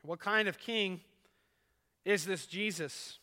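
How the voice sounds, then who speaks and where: A male pastor preaching a sermon at a live church service, building to loud emphasis and reading a poem with dramatic force. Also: sits high, slow pace. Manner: preaches with rising emphasis, reads poetry dramatically. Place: church sanctuary. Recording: live church service with long hall reverb.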